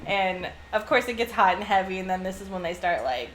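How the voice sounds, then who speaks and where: A woman's voice: medium pitch, animated, a little fast, a bit bright, a little hiss or hum, rough recording. A woman co-hosting a podcast who laughs often and retells book scenes, slipping into quoted voices. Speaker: podcast co-host. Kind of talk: casual book review chat.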